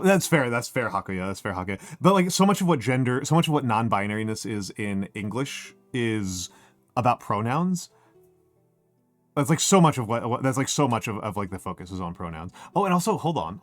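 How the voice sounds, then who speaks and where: A man's voice: mid-range voice, sing-song, normal speed, no echo, faint music behind. A man livestreaming a casual chat, rambling and wry, who restarts his sentences and says he is short on sleep. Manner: rambling and self-interrupting, with many fillers and restarts; wry and joking. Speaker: streamer.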